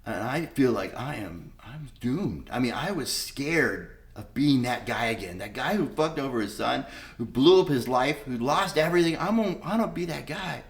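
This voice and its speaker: A man's voice: medium pitch, lively intonation, moderate pace. Blunt middle-aged man telling his story. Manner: candid, blunt storytelling with frequent swearing; re-enacts past conversations in quoted speech. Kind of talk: personal testimony talk.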